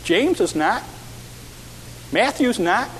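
A middle-aged man preaching a sermon, telling stories and acting out quotes, rising to shouted peaks. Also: sits high, sing-song, slow, slight background noise. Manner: storytelling, acts out quotes, builds to shouted peaks. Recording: reverberant hall.

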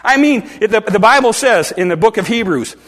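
An older man preaching a sermon, dramatic and animated, acting out voices from the story. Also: high-pitched, brisk, long reverb tail. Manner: dramatic, acts out the crowd and beggar in rising calls.

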